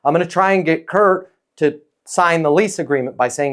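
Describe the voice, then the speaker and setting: Calm man coaching leasing staff. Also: fairly high pitch, normal speed. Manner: coaching, peppered with "okay?" and "right?" tags; calm, neutral, non-pushy tone. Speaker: leasing sales trainer. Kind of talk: casual training talk.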